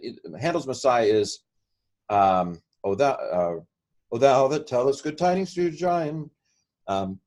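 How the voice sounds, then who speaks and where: Man, teacher, unhurried, halting, lots of ums, informal lesson. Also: medium pitch, darkish tone. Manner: halting, many fillers and restarts.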